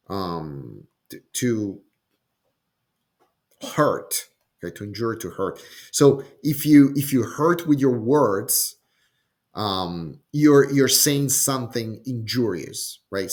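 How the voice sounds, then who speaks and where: Guy teaching bible word meanings, lowish voice, really slow, lots of um and okay?. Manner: slow and deliberate, frequent "okay?" and "um", repeats words while thinking. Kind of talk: slow explanatory lesson.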